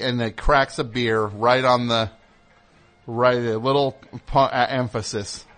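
A man's voice: fairly low pitch, fairly bright tone. A man hosting a call-in radio show, reading an ad with a jokey, rambling, mock-earnest manner. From United States.

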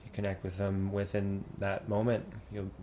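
A man's voice: low-pitched, monotone, normal speed, mellow, slight background noise. A man who is a guest on a podcast, talking in an easygoing, agreeable way in casual chat. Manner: easygoing, agreeable, says "you know" and "right?".

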